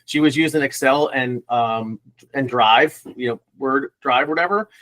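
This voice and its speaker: A man's voice: mid-range voice, a little slow, a bit bright. A man in a casual panel chat over a video call, defending his points insistently. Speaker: panel guest.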